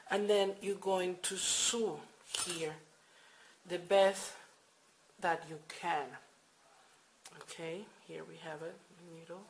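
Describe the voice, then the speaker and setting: Woman, lowish voice, unhurried homemade crochet tutorial, faint noise behind. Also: fairly even intonation. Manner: hesitant, filler-heavy, repeats steps. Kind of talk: casual how-to demonstration. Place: home at night.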